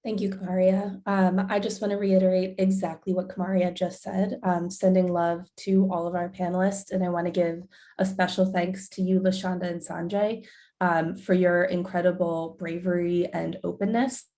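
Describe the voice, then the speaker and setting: Low gravelly woman presenter. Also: flat delivery, moderate pace, mellow. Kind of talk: webinar presentation. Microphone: video call.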